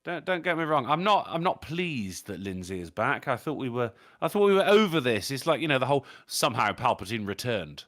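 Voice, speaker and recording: Here is an Englishman co-hosting a loose chat, with a bright, sharp edge to his voice. He rambles and stumbles, swears often and jokes along the way. His pitch rises and falls in a lively way. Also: brisk, hardly any pauses. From England. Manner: rambling, profane, jokey. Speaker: podcast co-host. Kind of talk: casual chat.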